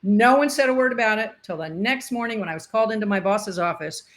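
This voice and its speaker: A woman's voice: mid-range voice, quick pace. An older woman, a former sportscaster and umpire, telling stories in a casual interview and acting out the dialogue. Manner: animated storyteller acting out quoted dialogue.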